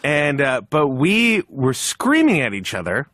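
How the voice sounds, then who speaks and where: Animated man telling a story. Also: medium pitch, measured pace, no echo, studio quality. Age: 30s. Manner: animated anecdote, shouting when he quotes others. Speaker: guest. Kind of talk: comedic storytelling on a podcast.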